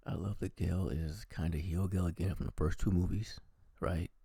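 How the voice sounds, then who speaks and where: A man's voice: deep voice, steady tone, a little fast, creaky, warm tone, slightly rough, dry recording. A man giving a casual, profane movie review, animatedly acting out the characters' lines.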